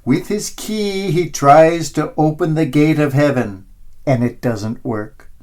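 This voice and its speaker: A man, a priest, giving a homily and retelling a satirical story. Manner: slow, expressive storytelling with wide pitch swings. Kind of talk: sermon storytelling.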